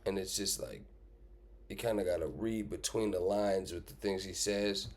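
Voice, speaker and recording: Low-voiced man giving blunt commentary. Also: normal speed, darkish tone. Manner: casual, blunt, swears, fires off rhetorical questions. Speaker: commentator reacting to clips. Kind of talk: casual reaction commentary.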